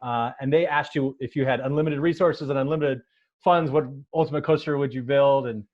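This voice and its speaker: A man's voice: mid-range voice, fairly even intonation, a little fast. An American man hosting a podcast in casual chat, joking, laughing often and restarting his sentences. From United States. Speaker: podcast host. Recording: dull lo-fi sound.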